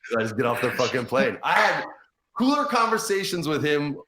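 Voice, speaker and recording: A man's voice: fairly high pitch, a little fast, over a noisy crowd. A man in his forties telling profane backstage stories in casual chat, acting out the other people's lines. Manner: animated, profane anecdotes, acts out others' lines. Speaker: podcast guest. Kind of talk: casual storytelling.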